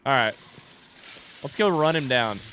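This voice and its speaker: A young male streamer talks through a horror game with a bright, lively voice that swings widely. He blurts out sudden sworn outbursts in jumpy panic. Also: medium pitch, measured pace, slight background noise. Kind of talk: live gameplay commentary.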